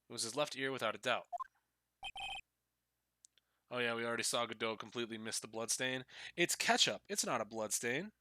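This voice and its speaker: A man's voice: mid-range voice, noisy background. A man hosting a video, casually commenting while he plays, joking and swearing in asides. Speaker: gaming video host. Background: loud game music.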